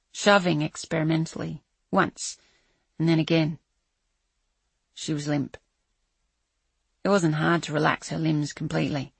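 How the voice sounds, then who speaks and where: Woman narrator, husky and dry, measured dramatic thriller reading. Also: on the low side, no echo. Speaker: audiobook narrator. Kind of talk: scripted narration.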